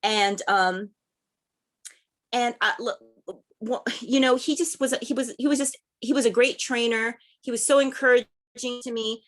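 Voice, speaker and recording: A woman sharing memories of a late coworker at a community memorial, halting often and restarting her sentences. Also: fairly high pitch, fairly even intonation. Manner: halting, many restarts and fillers, laughing fondly. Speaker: memorial speaker, former coworker. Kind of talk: personal tribute at a memorial.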